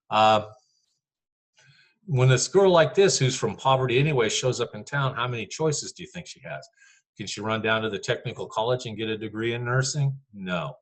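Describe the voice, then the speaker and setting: Husky-voiced man lecturing on poetry. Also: mid-range voice. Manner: chatty, rambling, many fillers. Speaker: teacher.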